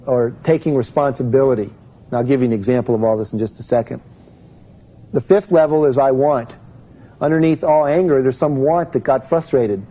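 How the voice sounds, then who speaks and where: A man's voice: medium pitch, fairly quick, dark tone, rough recording. A man giving a live self-help seminar, explaining step by step and putting questions to his audience.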